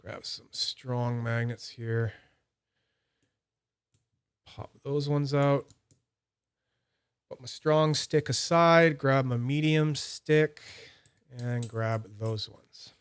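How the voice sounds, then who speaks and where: A man's voice: mid-range voice, drawn-out words, pauses often, clean tone, no echo, studio quality. A man streaming live, chatting casually and talking through each step of a hands-on demo while answering his chat. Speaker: fidget toy streamer.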